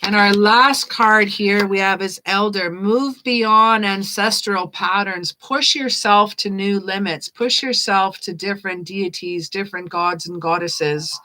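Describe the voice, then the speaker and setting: Bright-voiced woman reading tarot live. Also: medium pitch, fairly even intonation, unhurried, hardly any pauses, rough recording. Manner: chatty, reads card meanings aloud, thinks out loud. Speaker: tarot reader.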